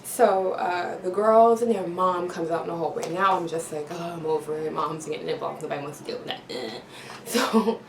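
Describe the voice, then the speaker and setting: A woman spins a story for her vlog, punctuating it with slang and little sound effects. She sounds set back from the mic in an echoey room. Steady background noise hangs under her voice. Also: fairly low pitch, normal speed, creaky. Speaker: vlogger. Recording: roomy, distant, noisy home recording.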